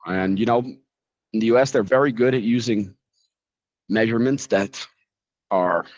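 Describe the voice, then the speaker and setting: A man teaching a casual English lesson, explaining with jokes and lively asides. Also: lowish voice, measured pace, no echo, highs cut off. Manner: lively, joking, animated explanations.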